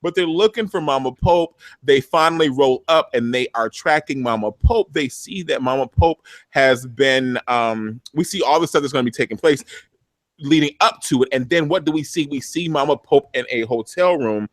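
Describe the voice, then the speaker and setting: A man hosting a live TV recap show, talking fast and acting out scenes in funny voices. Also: medium pitch, no room sound. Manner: animated, acts out scenes in voices.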